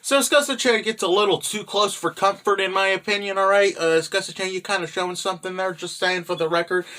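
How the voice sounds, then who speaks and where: A young man with a high, bright voice rambles through a casual manga recap. He strings thoughts together with constant "you know" and "right?" fillers. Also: fairly even intonation, fairly quick.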